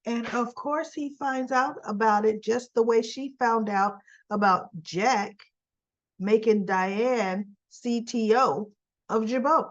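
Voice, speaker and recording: Slow, chatty woman recapping soaps. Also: a little high, muffled recording. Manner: chatty, acts out characters' lines in quick voices. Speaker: soap opera recap host. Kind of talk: casual spoken recap.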